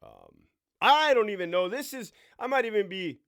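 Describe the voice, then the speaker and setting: A man's voice: high voice, lively intonation, moderate pace, fairly bright tone. A man in his forties, a former prison officer, hosting a casual, profane storytime monologue with sound effects and asides to himself. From California.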